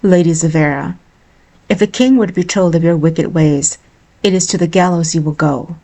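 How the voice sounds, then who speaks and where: A woman voicing a devoted young male royal guard in a storybook reading, speaking softly and earnestly. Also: fairly low pitch, moderate pace. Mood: stern.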